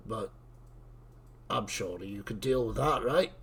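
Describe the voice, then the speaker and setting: Easygoing game master, low voice. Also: male voice, takes it slowly, fairly bright tone, a little hiss or hum. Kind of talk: narrating a tabletop game.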